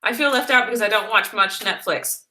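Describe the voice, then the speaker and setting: A woman's voice: mid-range voice, fairly quick, pushed and bright. A young woman vlogger chatting casually and playfully as she answers viewers' questions. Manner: chatty and playful, jokey asides. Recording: echoey room.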